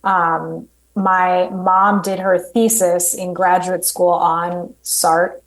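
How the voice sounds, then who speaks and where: A woman's voice: fairly low pitch, little pitch movement, very slow, poor audio. Chatty woman guest on a podcast. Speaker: guest, coach. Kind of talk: conversational interview.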